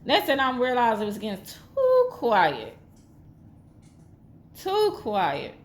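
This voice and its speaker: A woman's voice: a little high, huge pitch swings, measured pace. A woman telling a personal story in casual talk, rambling and repeating herself as she acts out what everyone said. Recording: echoey room with faint ambience.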